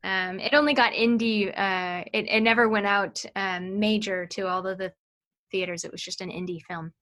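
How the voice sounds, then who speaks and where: A woman sales training consultant talking as an interview guest, chatty and explanatory, with quick asides as she explains phone technique. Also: mid-range voice, steady tone, fairly bright tone.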